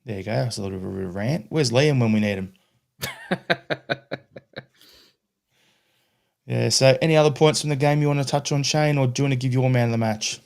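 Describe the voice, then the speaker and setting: Scottish male podcast co-host, mid pitch, blunt and sweary, ranting style. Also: quick pace, gravelly. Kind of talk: casual football podcast chat.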